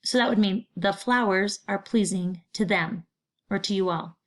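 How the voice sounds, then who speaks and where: Woman teacher, middle-aged, medium pitch, bubbly and chatty, playful asides to students. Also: moderate pace. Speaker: Spanish teacher. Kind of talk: recorded grammar lesson.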